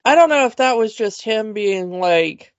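A woman co-hosting a movie podcast talks slowly and loosely, rambling through asides and restarts. Her voice is close and dry. The audio is slightly dull. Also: a little high, lively intonation, no room sound. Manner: chatty, rambling with restarts and laughs. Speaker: podcast co-host. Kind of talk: casual movie chat.

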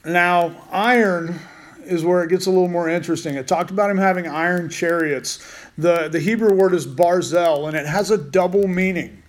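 A man's voice: high voice, fairly even intonation, normal speed. Rambling, joking man teaching the Bible.

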